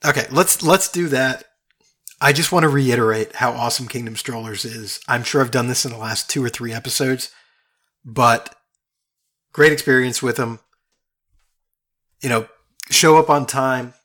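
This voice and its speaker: Male podcast co-host, husky, casual, conversational. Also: medium pitch, moderate pace, long pauses, a bit bright. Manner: chatty, fond of restarts.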